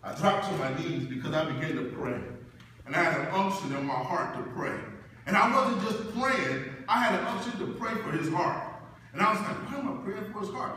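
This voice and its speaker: A middle-aged man giving a parent's graduation speech, telling personal stories in a preacher-like way that swells loud and high as he builds up. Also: lively intonation, moderate pace, a little hiss or hum. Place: large hall or church. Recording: echoey hall, distant mic.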